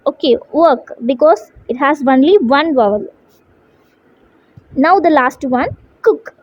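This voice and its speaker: A woman with an Indian English accent teaching a classroom English lesson, spelling words out letter by letter in a slow, deliberate way. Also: high-pitched, darkish tone. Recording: dull lo-fi sound.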